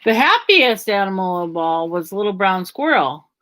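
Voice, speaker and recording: A woman reading a children's story aloud at a gentle, even storytelling pace. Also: medium pitch, moderate pace.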